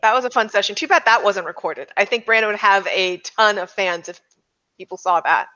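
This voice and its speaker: A woman's voice: mid-range voice, brisk, bright, forceful tone, highs cut off. A woman serving as game master, chatting casually and laughing on a tabletop game podcast.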